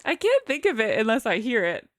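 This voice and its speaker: A woman's voice: on the high side, brisk, no echo. Giggly woman reading out board game story stuff, bouncy up and down voice, dry close mic. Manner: giggly, animated. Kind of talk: casual game stream chat and narration.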